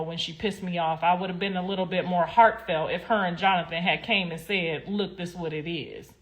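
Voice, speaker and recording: This casual livestream host is a young adult woman whose voice sits on the low side and sounds a bit bright. She speaks straight to viewers in a sassy, blunt, rambling manner, cursing freely.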